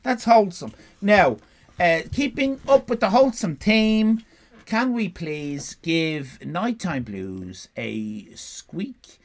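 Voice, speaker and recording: An Irish woman co-hosting a live stream in casual, sweary chat that rambles and bursts into loud laughter. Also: fairly low pitch, big pitch swings, slow. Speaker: stream co-host.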